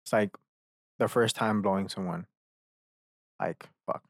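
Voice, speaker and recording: A man's voice: lowish voice, steady tone, measured pace, creaky, dry recording, clean studio sound. A man hosting a solo podcast, rambling, swearing freely and breaking off to mock himself. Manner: rambling and profane, self-mocking asides. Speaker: podcast host.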